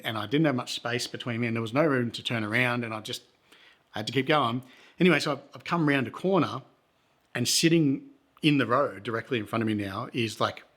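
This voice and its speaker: A man's voice: mid-range voice, fairly bright tone. A man, a travel vlogger telling a story in a rambling, self-correcting, laid-back way. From Australia. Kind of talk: casual storytelling to camera.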